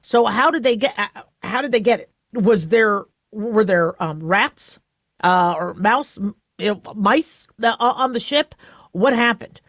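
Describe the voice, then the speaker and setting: A woman's voice: mid-range voice, lively intonation, measured pace, fairly bright tone, no room sound, clean studio sound. A woman hosting a talk radio show, explaining medical news in a chatty way with many fillers and restarts.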